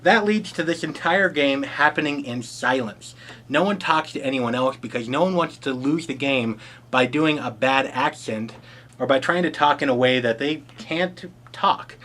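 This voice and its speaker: A man's voice: medium pitch, normal speed, a bit bright. A man reviewing a board game, explaining the rules in a dry, sardonic way.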